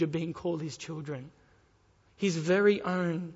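A man's voice: on the high side, measured pace, darkish tone, slightly rough. A man preaching a sermon in a church, emphatic, repeating key phrases and asking his listeners questions. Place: church hall. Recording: dull sound with long hall reverb.

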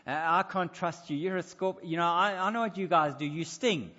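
A man voicing a suspicious frog who stammers as he refuses a scorpion, in a story told in a sermon. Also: normal speed. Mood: wary. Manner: hesitant, stammering, lower and quieter. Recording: dull sound with echoey hall.

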